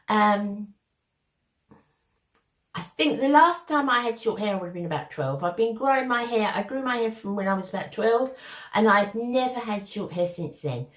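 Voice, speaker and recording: A woman's voice: fairly high pitch, echoey room. An older woman with a Cockney accent from London's East End, chatting affectionately to her viewers in a beauty vlog. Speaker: beauty vlogger. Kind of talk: casual chat to camera.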